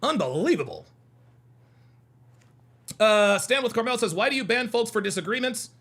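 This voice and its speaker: A man's voice: very high-pitched, big pitch swings, normal speed, gravelly, a bit bright. A man hosting a heated livestream, reading out chat comments and arguing with them in a combative, mocking way, repeating his points.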